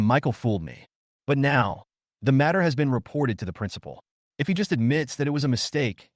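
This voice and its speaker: A man narrating a recap story with a lively, up-and-down delivery at a middle pitch. The voice sits dry and close, with no room sound around it. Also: dry recording. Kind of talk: scripted narration.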